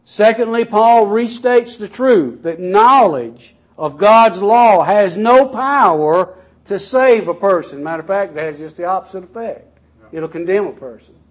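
A man's voice: animated, unhurried. A man preaching a sermon, reading scripture aloud and then explaining it in plain words, his voice rising and falling for emphasis. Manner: raises and lowers his voice sharply for emphasis.

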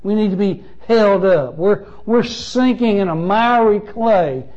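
Pastor, male, high voice, emphatic sermon delivery, lo-fi church recording. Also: unhurried, darkish tone. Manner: emphatic, repeats phrases with shifting stress.

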